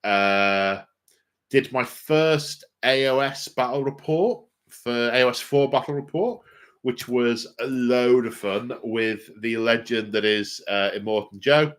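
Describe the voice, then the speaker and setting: A man's voice: mid-range voice, a little slow, a bit bright. Guy chatting on his hobby stream, rambly, lots of ums and uhs, pokes fun at himself. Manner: rambling, self-mocking, many fillers. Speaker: hobby channel host. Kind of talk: casual livestream chat.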